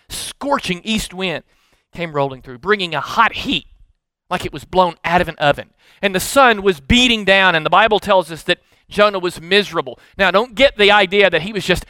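Earnest, high-voiced male pastor preaching. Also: sharp tone, clean tone, no echo. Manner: earnest, conversational storytelling with frequent restarts. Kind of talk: sermon.

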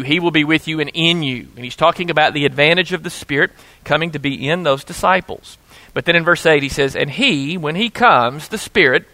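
A man preaching a sermon as pastor, reading scripture and telling an animated story with frequent restarts. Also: on the high side, dry recording.

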